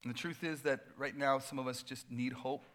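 A man preaching a sermon as pastor, in a casual, animated way with playful asides. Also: mid-range voice, fairly quick.

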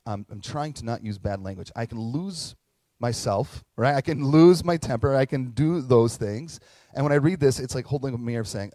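Male pastor, lively chatty sermon delivery, dry unreverberant mic. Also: medium pitch, no echo, poor audio. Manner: animated storytelling, conversational asides.

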